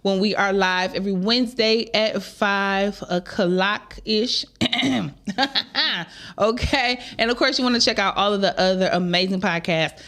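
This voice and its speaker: A woman hosting a live podcast, talking in a chatty, drawn-out, conversational way. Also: medium pitch, fairly bright tone. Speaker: podcast host. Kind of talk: casual live-show chat.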